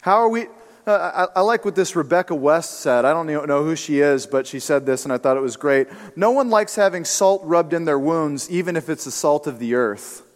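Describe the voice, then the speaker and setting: A pastor preaching a sermon in a conversational, emphatic style with casual asides. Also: male voice, on the high side, animated, fairly quick. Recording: long reverb of a church hall.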